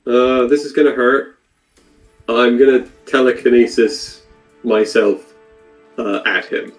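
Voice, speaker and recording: A man playing a tabletop game, thinking aloud in an unhurried way. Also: medium pitch, steady tone, faint music behind, low-quality recording. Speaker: player. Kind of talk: casual tabletop play.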